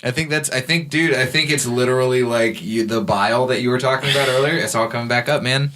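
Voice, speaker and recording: A man's voice: medium pitch, fast, a bit bright, slight background noise. A man hosting a comedy podcast, ribbing his guest in casual banter. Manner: teasing, mock-insulting. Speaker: podcast host.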